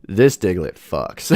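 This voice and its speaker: A man giving casual livestream commentary, chatty and thinking out loud, laughing often. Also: on the low side, no echo, clean studio sound. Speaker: livestreamer ranking a tier list.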